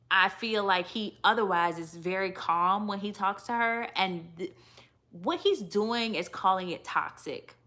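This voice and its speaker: A woman hosting a live reality TV recap, animated and emphatic, with sassy asides. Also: on the low side. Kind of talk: live aftershow commentary.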